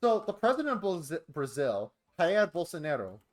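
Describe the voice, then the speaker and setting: A man's voice: fairly high pitch, normal speed, soft background music. Joking man streaming a game. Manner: animated, joking, swearing. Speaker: streamer co-host. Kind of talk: casual stream chat.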